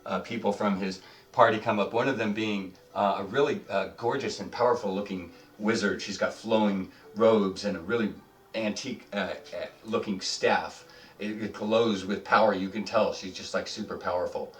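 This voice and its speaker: A man's voice: fairly low pitch, steady tone, moderate pace, distant mic. A man narrating a tabletop game as dungeon master, rambling with lots of fillers. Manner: rambling, filler-heavy, chuckling. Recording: roomy, off-mic, faint music behind.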